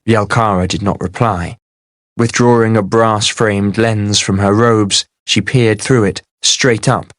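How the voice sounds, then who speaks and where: A man narrating a fantasy novel in a steady, measured audiobook reading. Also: fairly low pitch, no room sound, studio quality.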